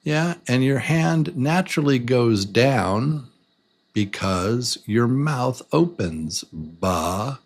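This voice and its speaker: A man teaching a beginner English lesson, speaking slowly and deliberately and repeating words beat by beat. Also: medium pitch, expressive. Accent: American. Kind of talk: slow, patient beginner lesson.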